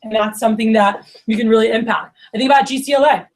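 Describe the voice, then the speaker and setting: A woman in her thirties speaks in a fairly high voice. She gives a casual motivational talk to her team, loose and chatty, full of "like" and "you know". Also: steady tone, fast talker. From Miami. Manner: casual and chatty, lots of "like" and "you know", acts out quoted friends. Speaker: division leader giving opening remarks.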